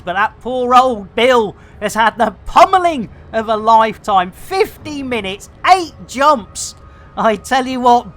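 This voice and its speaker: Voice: mid-range voice, bright, forceful tone. A streamer, chatting boisterously and cracking jokes while playing a space game. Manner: boisterous, jokey, rambling.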